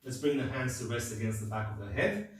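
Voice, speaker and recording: A man leading a yoga class, calmly cueing each move and counting down the holds, slightly breathless as he demonstrates along. His voice sits at an ordinary middle pitch and is heard from a distance. It rings around a very echoey room. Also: fairly quick. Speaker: yoga instructor. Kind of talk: guided yoga class instruction. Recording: very echoey room, mic far off.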